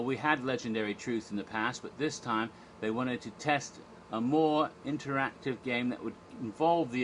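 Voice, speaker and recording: A man's voice: medium pitch, fairly bright tone, slight background noise. A man casually retelling a live show from memory, rambling and enthusiastic, with frequent fillers and restarts. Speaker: theme park event historian. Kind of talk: casual narrated recap.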